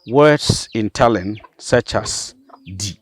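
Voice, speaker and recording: Deep-voiced man teaching vowel sounds. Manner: patient, repeats each word slowly. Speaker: pastor and language teacher. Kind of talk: explaining vowel sounds with example words.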